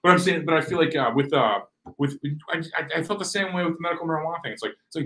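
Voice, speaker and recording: A man chatting as a podcast guest, animated and swearing, acting out voices and often saying "bro". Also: a little high, racing, rough recording. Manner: animated, swears, acts out quoted voices, says "bro" a lot. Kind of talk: casual chat.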